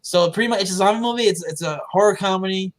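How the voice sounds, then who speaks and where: A man's voice: high-pitched, fast, poor audio. A man hosting a casual movie podcast, talking hesitantly with many fillers. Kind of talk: casual movie review chat.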